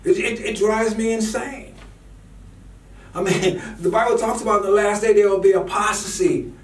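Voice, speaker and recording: The high-voiced man talks at normal speed with fairly even intonation while delivering a preachy, impassioned political rant full of repeated words. As a commentator recorded from a distance, he sounds off-mic in an echoing room.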